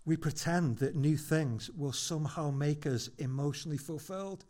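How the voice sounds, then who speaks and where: A man preaching a sermon as pastor in church, conversational and wry with dry humorous asides, slowing down to land emphatic points. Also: fairly high pitch, dark tone. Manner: builds to slow, emphatic points.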